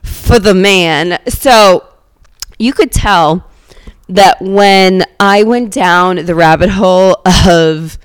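A woman's voice: on the low side, drawn-out words, clean tone, no echo. A woman hosting a podcast from her car with a handheld microphone, a little under the weather and nasal, rambling sarcastically and swearing freely. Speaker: podcast host. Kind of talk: casual comedic monologue. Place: inside her car, driving.

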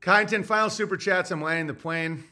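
A man's voice: high voice, fast talker, bright, forceful tone. A man hosting a solo livestream, reading super chats in a grumpy, sarcastic ranting way.

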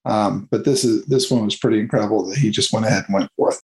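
A man's voice: lowish voice, fast, darkish tone, rough recording. A man hosting a casual movie review chat, rambling and hesitant with many fillers and restarts.

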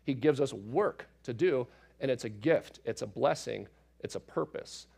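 A man, a father, teaching through a Bible passage in a relaxed, conversational way, with asides and fillers as he explains. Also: mid-range voice, a little slow, gravelly, husky. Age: adult parent.

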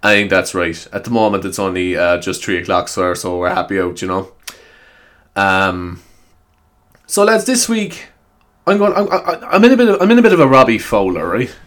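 A man's voice: low voice, very animated, moderate pace, a bit bright. A man with an Irish accent hosting his solo podcast, chatting casually in a rambling, self-mocking way with frequent swearing. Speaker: podcast host. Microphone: new microphone.

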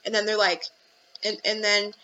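A woman's voice: mid-range voice, level tone, normal speed, pushed and bright. Rambling young woman podcast host. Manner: rambling, many restarts and fillers. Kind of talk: casual commentary. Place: at home with the TV on. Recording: dull lo-fi audio with faint noise.

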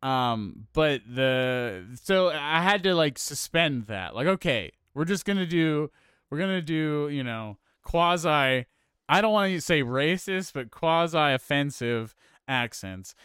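A man co-hosting a casual movie review chat, ranting in an animated, profane, exasperated way. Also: on the high side, takes it slowly, clear, resonant tone, dry recording, studio quality. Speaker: podcast co-host.

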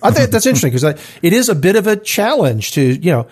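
His voice is a little high with a breathy edge, and his delivery is brisk. Co-hosting a casual Bible study podcast, he reads scripture aloud and acts out the quotes animatedly, voice climbing with emotion.

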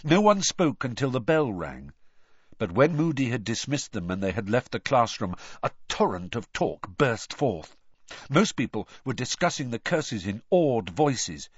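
A man narrating an audiobook in a measured storytelling manner. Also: medium pitch, very animated, husky, no room sound. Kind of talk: scripted narration. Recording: dull dry recording.

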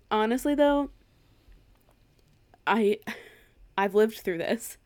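A young woman co-hosting a podcast, casually recapping a film in an animated, sweary way and laughing often. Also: medium pitch, moderate pace. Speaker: podcast co-host.

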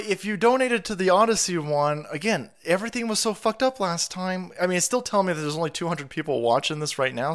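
A man's voice: mid-range voice, fairly bright tone. A man hosting a casual livestream, congested from a cold and a bit winded, talking in a sarcastic, profane, rambling way. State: stuffy nose from a cold. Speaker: streamer host.

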